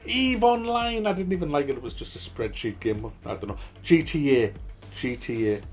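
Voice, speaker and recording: A man's voice: a little high, expressive, moderate pace, faint music behind. A middle-aged man hosting a gaming channel, ranting with nostalgia, swearing a lot and repeating game titles over and over.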